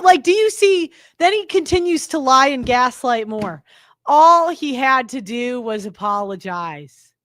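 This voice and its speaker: Exasperated woman, higher voice, dry sound. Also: a bit bright, no echo. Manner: exasperated, emphatic, with halting restarts. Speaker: commentary host reacting to clips. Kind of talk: casual reaction commentary.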